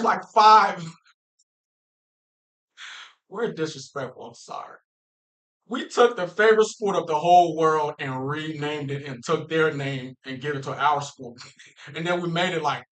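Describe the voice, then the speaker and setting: A man from Minnesota hosting a casual football talk stream, animated and playful, laughing often and using slang. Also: a little high, rough recording. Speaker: football talk show host. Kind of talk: casual livestream chat.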